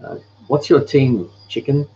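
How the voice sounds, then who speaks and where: A soft-spoken man, chatting casually as a host reading viewer comments on a live stream. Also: medium pitch, husky, highs cut off. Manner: relaxed, rambling, with pauses. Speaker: cooking channel host.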